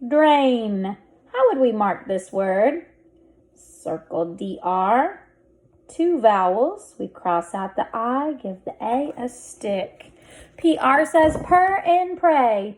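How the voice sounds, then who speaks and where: A woman teaching a phonics reading lesson, slowly sounding out words one part at a time. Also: on the high side, expressive. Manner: slow, sound-by-sound blending of words.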